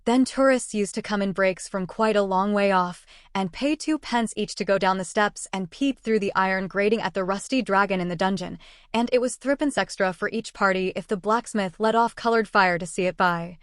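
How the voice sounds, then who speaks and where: A woman narrating a storybook in an even, measured way. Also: medium pitch, no echo, studio quality.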